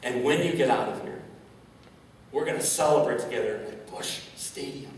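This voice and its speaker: Locutor de béisbol mayor y alentador imitado por un hombre. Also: male voice, medium pitch, normal speed, a little hiss or hum, close to an everyday voice. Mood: urgent. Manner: urgent, insistent encouragement. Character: gruff older male baseball announcer, encouraging. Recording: echoey hall, speaker far from mic.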